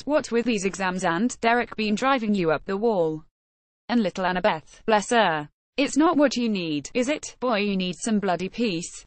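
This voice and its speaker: A woman narrates a memoir at an even, measured pace, her voice sitting at a middle pitch for a woman. The sound is close and dry, with no room around it. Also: no echo. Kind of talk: audiobook memoir reading.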